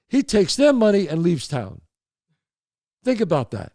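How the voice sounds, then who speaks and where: An older man tells a neighborhood story in a lively, swooping voice, often jumping into his friends' voices. His voice sits a little high for a man and sounds dry and close to the mic. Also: unhurried, pauses often, dry recording. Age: 60s or older. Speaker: host. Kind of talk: storytelling monologue.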